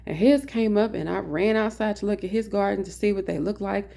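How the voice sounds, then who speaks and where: Talking from an indoor office, a woman vlogger tells a funny story in a casual, animated way and calls her viewers "honey." Her mid-range voice is creaky and moves a little fast.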